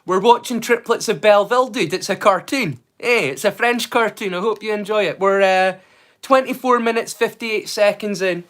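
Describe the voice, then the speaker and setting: A man's voice: high-pitched, normal speed. A man hosting a casual livestream watch-along, chatting, joking and swearing freely with his viewers. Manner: greets viewers loudly and brightly. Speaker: livestream host.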